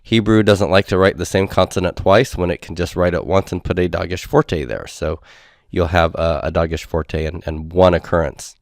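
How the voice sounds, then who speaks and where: A man teaching Hebrew grammar in a recorded lecture, explaining patiently step by step, sounding out words slowly and repeating them, and often checking in with "okay". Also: low-pitched, fairly even intonation, vocal fry, no echo, studio quality. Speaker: Biblical Hebrew instructor.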